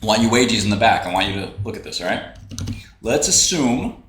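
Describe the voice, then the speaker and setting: A man's voice: on the low side, animated, brisk, fairly bright tone, slight background noise. A man hosting a casual livestream, ranting in a brash, profane, mocking way. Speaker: livestream host. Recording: roomy echo, faint typing.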